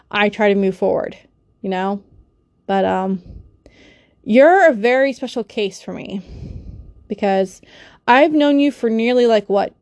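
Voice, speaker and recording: Stuffy-nosed from a cold, a young woman vents in a personal vlog, cursing and rambling with frequent fillers and false starts. Her medium-pitched voice has a darkish tone, captured dry on a phone or built-in mic.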